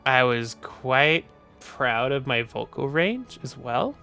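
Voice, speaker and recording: A man's voice: mid-range voice, lively intonation, slow pace, gravelly, sharp tone, faint music behind. A tired, sleepy man chatting casually on a live stream, rambling and offhand with the odd swear. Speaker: VTuber streamer.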